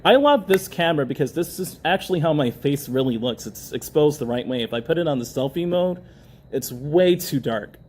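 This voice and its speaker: A man's voice: a little high, expressive, fairly quick, a little hiss or hum. Chatty man hosting a phone livestream. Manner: chatty, reads viewer comments aloud and laughs often. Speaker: livestream host. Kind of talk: casual live-stream chat. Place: indoors, public building.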